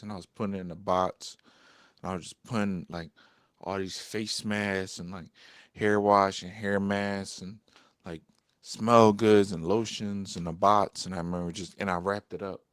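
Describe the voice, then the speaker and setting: A young man talking candidly to camera in a personal vlog, frank and profane, getting animated when he vents. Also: low voice, normal speed, no room sound, studio quality. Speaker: vlogger.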